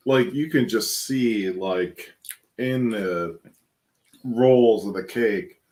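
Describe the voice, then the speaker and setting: Low-voiced man, rambling snack chat. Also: drawn-out words, darkish tone. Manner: rambling, hedging with many likes and you-knows. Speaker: co-host of a snack tasting show. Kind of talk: casual snack tasting chat.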